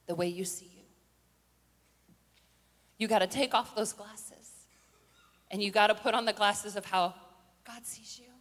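An older woman preaching a sermon, telling the story with animated acted-out voices and rising to shouted declarations. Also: a little high. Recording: long hall reverb.

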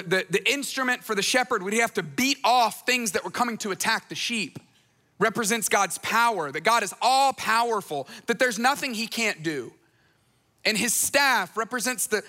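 Male pastor, high bright tenor, earnest and repetitive, hall reverb. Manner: earnest, repeats phrases for emphasis, storytelling asides. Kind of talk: conversational sermon.

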